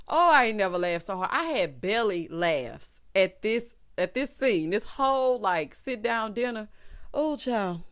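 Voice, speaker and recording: Woman, casual recap commentary, sassy, gossipy, animated intonation. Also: medium pitch, unhurried. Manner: sassy, gossipy, addresses viewers as honey and child. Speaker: TV recap vlogger.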